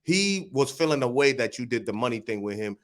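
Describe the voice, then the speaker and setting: A man's voice: mid-range voice, animated, fairly quick. A man hosting a podcast, talking casually and giving blunt, direct advice. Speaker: podcast host. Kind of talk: casual chat.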